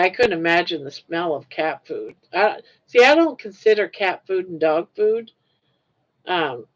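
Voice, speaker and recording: An older woman host chatting casually with livestream viewers while crocheting, rambling and laughing easily. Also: on the low side. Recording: lo-fi livestream audio.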